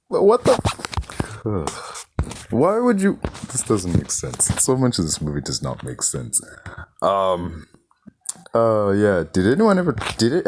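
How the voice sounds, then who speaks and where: Exasperated man ranting with lively swings. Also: low-pitched, slight background noise. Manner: exasperated, incredulous, swears often. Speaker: movie reviewer. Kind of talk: ranting film review.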